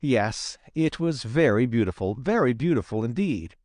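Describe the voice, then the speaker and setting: A man narrating a children's storybook in a lively, expressive reading style. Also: mid-range voice, normal speed, dry recording, clean studio sound. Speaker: audiobook narrator.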